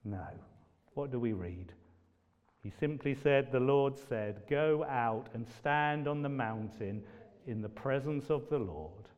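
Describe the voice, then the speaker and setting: A man preaching a sermon, moving from loud, ringing declarations to hushed, almost whispered lines. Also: mid-range voice. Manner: slow and dramatic, swings from loud declaiming to hushed near-whispers. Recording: dull audio with long hall reverb.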